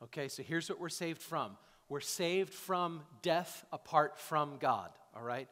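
A man's voice: on the high side, lively intonation, a little slow, fairly bright tone. A male pastor preaching a sermon in a church, talking conversationally and often tagging his points with "right?" or "okay?". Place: church sanctuary. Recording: echoey hall.

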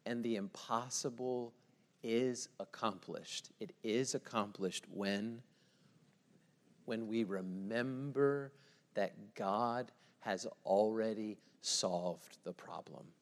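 A man preaching a sermon. He talks in a conversational way, with frequent "like", and swings between hushed prayerful passages and loud, fast bursts. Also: on the low side, in a large hall. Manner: conversational, uses "like" often. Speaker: pastor.

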